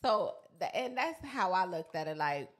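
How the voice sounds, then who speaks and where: Outspoken woman co-host, low voice, speaks bluntly with plenty of slang. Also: very animated, normal speed. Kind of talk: casual chat.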